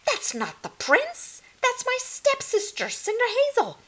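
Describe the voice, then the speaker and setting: A woman voicing a bossy, mocking stepsister witch in a storybook reading, with shrill cries. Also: wildly swooping pitch, measured pace, a bit bright, exaggerated voice, poor audio. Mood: indignant.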